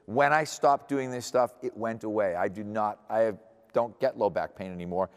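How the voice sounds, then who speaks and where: A man's voice: lowish voice, moderate pace. A man in his sixties giving a seminar lecture as a strength coach, blunt and emphatic, asking rhetorical questions. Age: 60s. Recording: echoey hall reverb.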